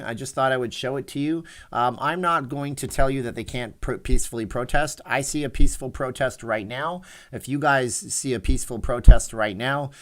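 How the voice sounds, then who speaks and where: A man's voice: mid-range voice, a bit bright. A man in his forties hosting a casual livestream. He rambles and reads viewer messages aloud. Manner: rambling, reads chat aloud, chatty asides. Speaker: livestream host.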